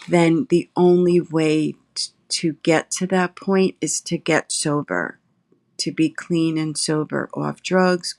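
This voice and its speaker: Slow gravelly-voiced woman telling her story. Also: low voice, no room sound, clean studio sound. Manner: slow, reflective, pausing often. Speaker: interview guest in recovery. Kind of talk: emotional personal testimony. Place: her apartment.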